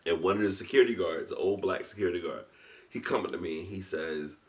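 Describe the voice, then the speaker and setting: A man telling a story in a casual chat. He is animated, often laughs and restarts his sentences. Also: sits low, fast. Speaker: guest storyteller, convention founder.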